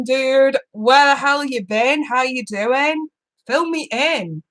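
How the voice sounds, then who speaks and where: A woman's voice: high-pitched, a little slow, fairly bright tone. Giggly, chatty woman. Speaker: tarot channel host. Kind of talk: casual live-stream chat with viewers.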